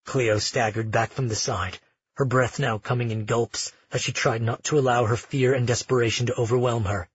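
A man narrating an audiobook in scripted, steady storytelling. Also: medium pitch, normal speed, husky, no room sound, muffled recording.

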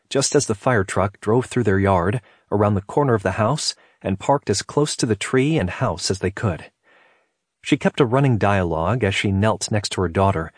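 A male audiobook narrator with a husky, low voice reads a novel from a script. The recording is clean studio sound with no room noise.

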